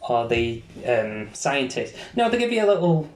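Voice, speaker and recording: A man co-hosting a casual podcast chat. He talks in an animated way, swears freely and acts out lines from films. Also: medium pitch, normal speed. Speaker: podcast co-host. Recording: echoey room.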